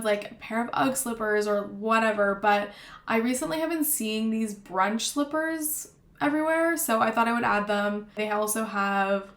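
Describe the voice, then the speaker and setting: A young woman chatting casually about gift ideas, rambling with lots of fillers. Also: medium pitch. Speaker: vlogger. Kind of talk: casual gift-guide talk to camera. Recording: roomy echo.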